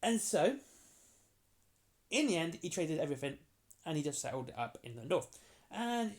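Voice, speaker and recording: Casual lore rambling, jokey asides, swooping pitch. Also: very animated. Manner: chatty and jokey, acts out characters in quick asides. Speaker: tabletop game lore explainer.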